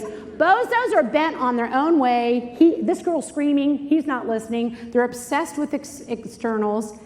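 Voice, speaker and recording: A middle-aged woman giving a lively Bible study talk to an audience, dramatic and jumping into high, shrieking quoted voices. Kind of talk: animated teaching talk to a live audience. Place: large hall before an audience. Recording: live hall recording with long reverb.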